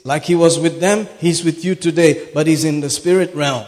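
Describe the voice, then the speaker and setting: A pastor delivers an impassioned sermon, his fairly high male voice hammering each point home through repetition. Long reverb trails his words, as if he is preaching in a large echoing hall. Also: normal speed, hardly any pauses. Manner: impassioned, repeats phrases for emphasis.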